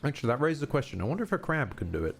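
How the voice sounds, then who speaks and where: A man streaming a video game, chatting casually with wry jokes and quick asides. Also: mid-range voice, sing-song, gravelly. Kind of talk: casual gameplay chat.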